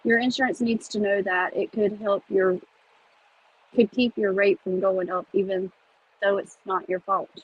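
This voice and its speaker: A woman's voice: mid-range voice, level tone, moderate pace, highs cut off, a little hiss or hum. A woman with a Southern US accent chatting casually in a vlog, rambling with country phrasing, talking from a car. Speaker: vlogger. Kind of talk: casual chat.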